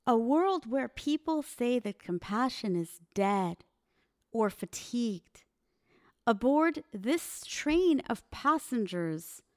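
Slow, earnest woman podcaster. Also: medium pitch, dark tone, no room sound, clean studio sound. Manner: earnest, addresses the listener directly. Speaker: podcast host. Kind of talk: reflective storytelling monologue.

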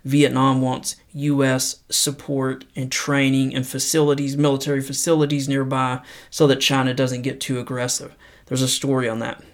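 A man hosting a podcast, talking through news stories in a conversational way and slowing down to read quotes aloud. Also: medium pitch, completely flat delivery. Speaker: podcast host. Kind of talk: news roundup and motivational quotes.

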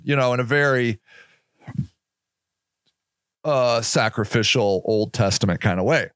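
A man's voice: mid-range voice, unhurried, long pauses, a bit bright, smooth, dry recording, clean studio sound. A man hosting a podcast, talking in a rambling casual monologue, swearing now and then and acting out little quoted voices. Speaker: podcast host.

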